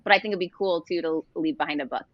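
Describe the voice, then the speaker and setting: A woman's voice: low voice, fast talker, dry recording, muffled recording. A middle-aged woman, a guest author, telling stories in a casual interview and acting out quoted dialogue. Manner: animated storyteller, acts out quoted dialogue.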